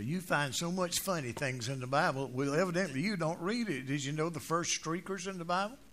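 An older man delivers a folksy, humorous sermon, telling stories and cracking jokes in a voice that sits high for a man. He slips into low, quiet asides, then rises to loud, punchy declarations when he drives a point home.

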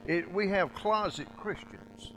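A man preaching a sermon, emphatic and repetitive, his loudness dropping low and swelling back up. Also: big pitch swings, measured pace, slight background noise, poor audio. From United States.

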